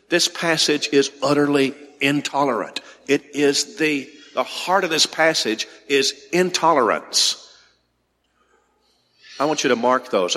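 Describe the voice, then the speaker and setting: A man's voice: mid-range voice, pushed and bright, big-room sound. A man preaching a sermon, emphatic and insistent, repeating key words for stress.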